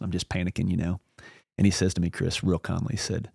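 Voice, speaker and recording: A man's voice: deep voice, completely flat delivery, fast, creaky, a little mellow, breathy edge, dry recording, studio quality. A man as a podcast guest, telling a long story in a casual, rambling way and acting out the lines of the people in it. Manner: rambling anecdotal, acts out quoted dialogue.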